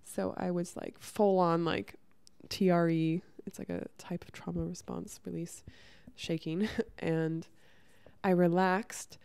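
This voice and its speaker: A woman's voice: lowish voice, level tone, slow, creaky, warm tone, clear, resonant tone, no room sound. A woman speaking to camera in a candid personal monologue, earnest and rambling, full of fillers. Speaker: spiritual content creator.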